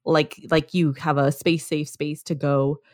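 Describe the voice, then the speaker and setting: A woman's voice: low voice, little pitch movement, unhurried, darkish tone, dry recording, studio quality. A woman talking candidly in a casual conversation, laughing often and getting tearful.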